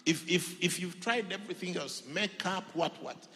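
A male pastor preaching a sermon, swinging between loud shouts and near whispers. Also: high-pitched, normal speed, big-room sound, background noise.

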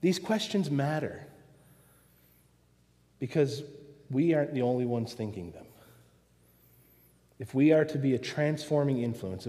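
A man's voice: medium pitch, dark tone. A man preaching a sermon, earnest and full of rhetorical questions, in a church. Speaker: pastor. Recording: long hall reverb.

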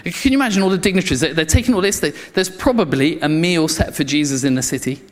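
A man preaches to a congregation, and his voice sits a little high for a man. He stumbles over restarts and slips into the voices of the crowd as he tells the story. A long reverb trails behind his words, as in a church hall. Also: quick pace. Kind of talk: sermon.

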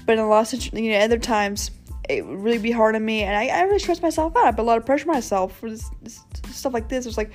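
A woman's voice: on the high side, quick pace, faint music behind. A young woman hosting a podcast, telling a rambling story in a casual chat style, full of "like" and quoted asides, swearing now and then. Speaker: podcast host.

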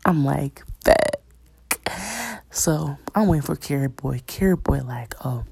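A woman's voice: low voice, normal speed, vocal fry, mellow, slightly rough. A young woman casually telling a personal story, slangy and blunt, often dropping to a whisper. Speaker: storyteller vlogger.

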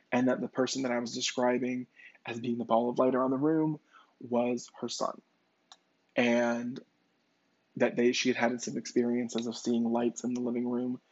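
A man's voice: medium pitch, darkish tone, breathy edge, no echo, highs cut off. A man who works as a psychic medium, telling a personal story in a conversational way, with fillers and restarts.

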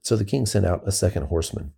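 Reading from scripture, this man keeps an even, deliberate rhythm. His voice is deep and husky, dark in tone, with a rough, creaky grain.

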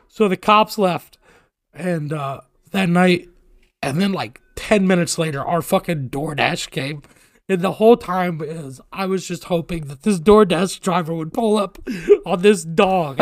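A man's voice: fairly high pitch, a little slow, dry recording, studio quality. A man casually telling a story on a podcast, swearing often and acting out what people said. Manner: profane, animated storytelling.

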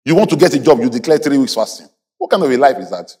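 A man's voice: mid-range voice, big pitch swings, fast talker, mellow, husky. A male pastor preaching a sermon, leading the congregation in call-and-response and mimicking church members for effect.

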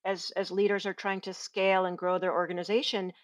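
A woman on a podcast who trains people in giving feedback, telling lively stories and acting out quoted voices, laughing often. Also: medium pitch, a little fast, no echo. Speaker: guest, workplace feedback trainer. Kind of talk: casual podcast conversation.

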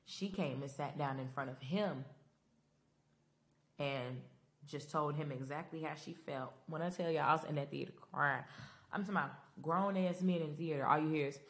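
A woman's voice: sits low, normal speed, long pauses. A woman hosting a podcast, talking casually and emotionally to her listeners in a Black while recapping a TV finale. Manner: expressive, emotional, rambling, talks to listeners directly. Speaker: podcast host.

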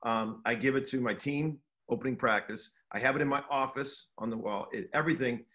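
A man's voice: medium pitch, brisk, bright, forceful tone. Earnest middle-aged man coach. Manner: earnest, repeats words and restarts often. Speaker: college basketball coach. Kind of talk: casual interview talk.

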